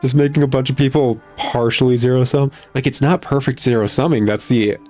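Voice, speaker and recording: A man's voice: mid-range voice, steady tone, brisk, darkish tone, soft background music. A man casually commenting and laughing as he plays through a game, reading its text aloud. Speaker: let's play streamer. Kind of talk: casual let's play commentary.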